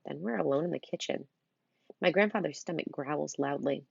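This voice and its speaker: A woman's voice: low-pitched, moderate pace, vocal fry, husky, no echo, muffled recording. A middle-aged woman reading a children's novel aloud, with chatty, punny asides to her listeners. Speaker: storybook reader.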